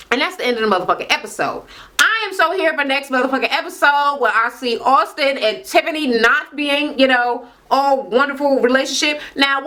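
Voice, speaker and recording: A woman's voice: high voice, bright, forceful tone. A young woman, recapping a reality show in blunt, sassy, heavily profane casual talk. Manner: blunt, sassy, heavy swearing. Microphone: on-camera mic.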